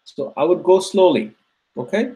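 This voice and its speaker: A man's voice: high-pitched, very animated, mellow. A man teaching an Arabic grammar class, patiently repeating words aloud and checking that his students are following. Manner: patient, drills words by repeating them slowly.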